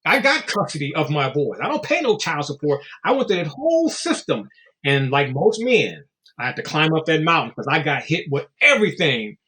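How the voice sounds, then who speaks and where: Speaking at normal speed, a man with a sharp, fairly high voice swings widely in pitch. He sits for a casual interview, cursing bluntly while he tells anecdotes and acts out what was said.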